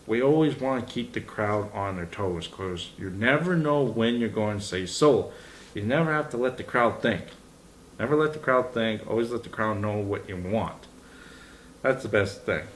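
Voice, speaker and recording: A young man from Alberta, with a fairly low voice. He teaches auction calling in a relaxed, offhand way and rattles off repeated bid numbers in a rolling chant. Faint background noise sits under the recording. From Alberta, Canada. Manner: rapid rhythmic auction chant. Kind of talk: casual tutorial.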